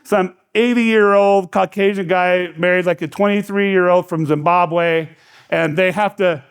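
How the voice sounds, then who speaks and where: A man's voice: high voice, clean tone. A man giving a casual seminar talk as an economic development director, joking and storytelling with many restarts and fillers. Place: lecture room.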